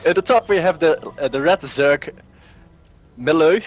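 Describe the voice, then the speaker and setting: A man's voice: a little high, moderate pace. Man co-casting a game, joking and easygoing. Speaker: co-caster. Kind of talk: casual esports commentary.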